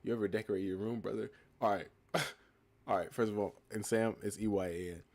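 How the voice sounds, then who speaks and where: A man's voice: on the low side, fairly quick. A nineteen-year-old man from the United States, chatting casually on a livestream and answering viewers' comments as he reads them. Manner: relaxed, reading chat comments aloud and answering them. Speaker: livestream host. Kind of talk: casual live-stream chat answering comments.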